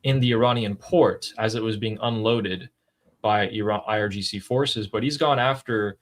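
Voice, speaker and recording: A man's voice: on the low side, normal speed. A man co-hosting a political commentary show, explaining the news in a casual, emphatic way.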